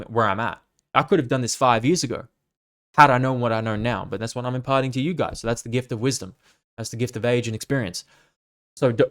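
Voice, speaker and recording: A man hosting his own podcast as a coach, giving a blunt, profane, emphatic unscripted rant. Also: medium pitch. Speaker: fitness coach and podcast host.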